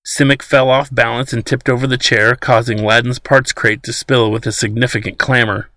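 A man with a medium-pitched voice narrates an audiobook at normal speed, keeping a steady storytelling manner, with no room sound in the recording.

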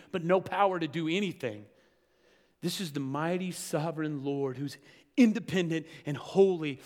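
A male pastor preaching a sermon to his congregation, building to loud, emphatic passages. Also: fairly high pitch, big-room sound.

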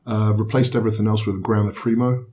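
A man, a bodybuilder, casually recounting his training in a relaxed, rambling way with fillers. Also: on the low side, fast talker. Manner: laid-back, rambling recap with fillers. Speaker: bodybuilder guest. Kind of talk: casual podcast chat.

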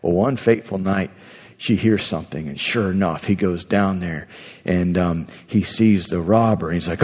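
A man, a pastor, preaching a sermon in a conversational, lively way, acting out inner voices as he goes. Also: low voice, normal speed, long reverb tail.

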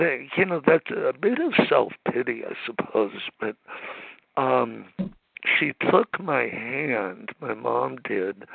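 A man's voice: mid-range voice, vocal fry, no room sound. Nervous man sharing over a tinny phone line. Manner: halting, emotional, many restarts and pauses. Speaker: meeting speaker sharing his story. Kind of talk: personal recovery share.

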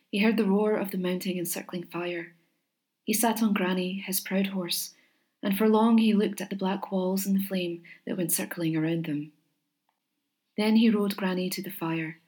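Woman storyteller, measured gentle narration, expressive pauses, middle pitch.

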